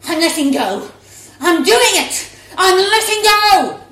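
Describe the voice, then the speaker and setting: A woman voicing a reckless young mother, shouting giddily and defiantly from a swing. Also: very high voice, very animated, slow, voice pushed up, heavily acted. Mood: rowdy shouting. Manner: loud, giddy, defiant shouting. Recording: roomy echo.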